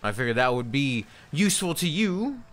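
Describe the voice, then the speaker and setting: A man's voice: on the high side, very animated, normal speed, fairly bright tone, soft background music. A man streaming a video game, chatting casually with viewers in a hesitant, rambling way. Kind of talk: casual live-stream chat.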